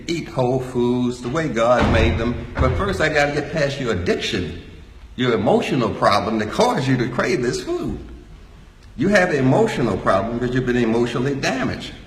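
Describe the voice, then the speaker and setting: A man's voice: mid-range voice, fairly bright tone. An older man giving a folksy, joking talk to a live audience. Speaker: speaker. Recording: echoey hall.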